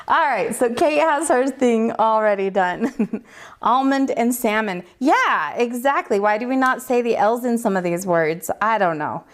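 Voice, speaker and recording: A tired-sounding middle-aged woman from the US teaches metalsmithing on a livestream, chatting casually with viewers and laughing frequently. Her voice is a little high.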